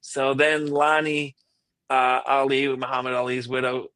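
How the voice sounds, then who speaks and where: A man who is a classical tenor, telling a lively story as a podcast guest. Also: medium pitch, unhurried. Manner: animated storyteller who acts out quotes. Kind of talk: casual anecdote on a podcast.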